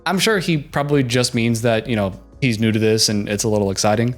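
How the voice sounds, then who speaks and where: A man's voice: mid-range voice, a little fast, soft background music. A man giving a casual, sassy recap of a reality show, throwing in joking asides. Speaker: reaction commentator.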